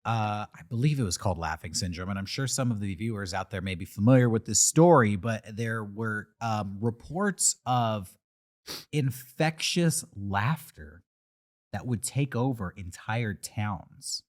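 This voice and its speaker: Animated, teasing male podcast co-host. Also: fairly low pitch, a little slow. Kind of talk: casual chat.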